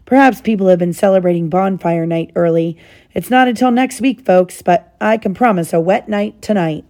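A woman's voice: mid-range voice, moderate pace, darkish tone, natural voice. A woman reading aloud, voicing a cheerful male TV weatherman who jokes with viewers. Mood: jokey. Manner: chatty, jokey.

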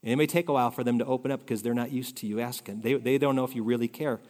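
A male pastor preaching a conversational sermon, shifting between loud emphasis and soft asides. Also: medium pitch, fairly even intonation, rapid-fire. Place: church sanctuary. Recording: reverberant hall.

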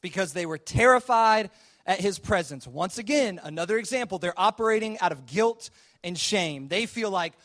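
Male preacher with a high voice, casual storyteller who acts out the quoted lines. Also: lively intonation, moderate pace, a bit bright. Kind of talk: sermon retelling a scripture story.

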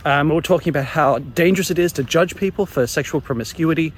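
A young man telling his own embarrassing stories in a casual, animated way, chuckling along as he goes. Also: on the high side, fast talker, a little hiss or hum. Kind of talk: casual storytelling monologue.

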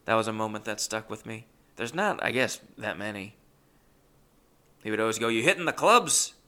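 A man's voice: lowish voice, steady tone, normal speed, sharp tone, clean tone. A young man, a comedian, telling a rambling, self-deprecating story. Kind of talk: comic storytelling.

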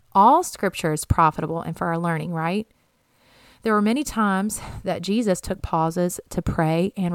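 A woman's voice: medium pitch, no room sound. A young adult woman giving an earnest, encouraging devotional talk and reading scripture aloud. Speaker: Christian podcast host.

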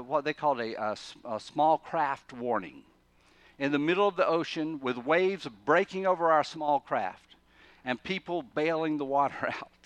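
A man preaching a sermon, telling the story with animated swings between quiet asides and loud, emphatic bursts, often restarting words mid-thought. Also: on the high side, dry recording. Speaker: pastor.

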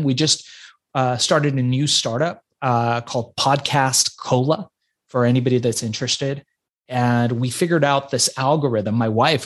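Iran-born man telling his story. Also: medium pitch. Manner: animated storyteller with frequent restarts. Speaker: podcast guest. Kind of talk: casual interview storytelling.

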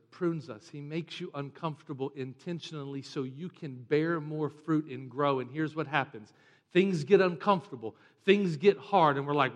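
A man preaching a sermon as pastor, animated and joking, sometimes mimicking whiny voices. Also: mid-range voice. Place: church sanctuary. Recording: long reverb of a large hall.

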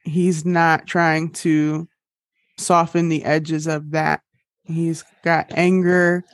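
A woman's voice: low voice, flat delivery, extremely slow, dry recording, clean studio sound. A young woman hosting a podcast in casual chat, bubbly and laughing at her own jokes. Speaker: podcast host.

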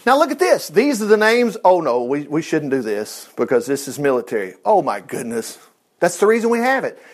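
A man reading the Bible aloud in an informal way, breaking in with excited exclamations and asides. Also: a little high, a little fast. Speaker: Bible teacher.

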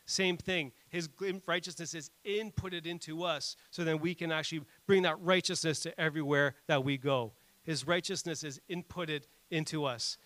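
A man in his thirties preaching a sermon, earnest and animated, telling family stories between points with frequent restarts. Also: a little high, normal speed, few pauses, no echo. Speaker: pastor.

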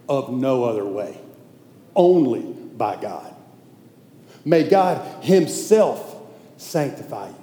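A man preaching a sermon in a conversational, emphatic way that sometimes drops to a hushed intensity. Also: fairly high pitch. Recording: echoey hall with faint noise.

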